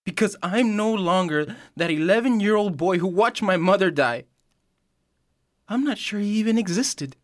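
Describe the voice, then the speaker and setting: A woman's voice: mid-range voice, expressive, moderate pace, no echo, close to an everyday voice. A woman acting a troubled twenty-year-old young man, guarded and anxious. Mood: anguished.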